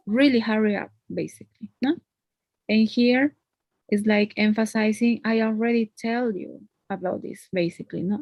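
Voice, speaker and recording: Slightly high and a touch mellow, with no echo, the voice belongs to a woman tutoring English one-on-one online. She explains patiently and keeps tagging her points with a questioning "no?"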